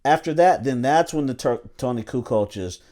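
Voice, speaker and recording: A man's voice: medium pitch, expressive, moderate pace, dark tone. A man co-hosting a casual sports podcast who rambles, restarts his sentences and hunts for names as he talks. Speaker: podcast co-host.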